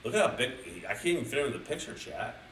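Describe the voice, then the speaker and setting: A man with a mid-range, fairly bright voice reads a children's picture book to his stream chat, very animated and quick, swearing constantly and riffing on the story in gamer slang. His delivery is crude and rambling. He's far from the mic, drifting around a roomy, echoing space with slight background noise.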